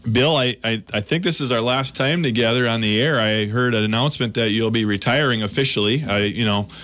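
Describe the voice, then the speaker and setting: A man's voice: medium pitch, brisk, fairly bright tone. A man appearing as a regular guest on a radio talk show, talking earnestly and at length with jokey asides. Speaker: tax accountant guest. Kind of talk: casual radio chat. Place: radio studio.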